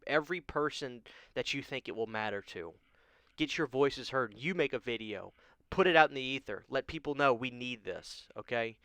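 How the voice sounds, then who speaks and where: A man hosting a horror channel gives a pleading, emotional rant, leaning on "okay?" again and again. He speaks at medium pitch in a pushed, bright, clear, resonant voice, recorded through a studio microphone without any room sound.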